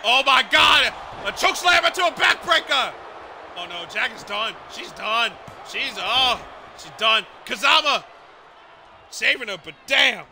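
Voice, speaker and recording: A man with a very high, piercing voice and a gravelly edge calls the match with excited play-by-play commentary. He swings widely in pitch, shouts and exclaims often, and swears freely. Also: unhurried, a faint crowd, slight background noise.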